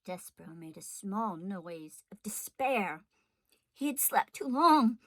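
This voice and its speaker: A woman teacher reading a storybook aloud to her class, in an expressive, unhurried way. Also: mid-range voice, dry recording.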